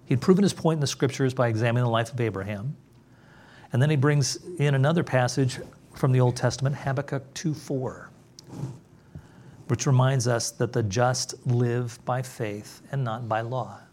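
A man preaching a sermon as pastor, emphatic, dropping low and soft on key words. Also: fairly even intonation, moderate pace, slight background noise.

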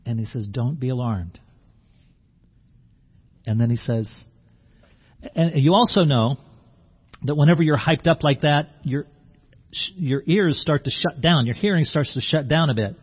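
A man's voice: fairly high pitch, normal speed, breathy edge, lo-fi sound. A man preaching a sermon in a conversational way, acting out the scene and often restarting his words. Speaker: pastor.

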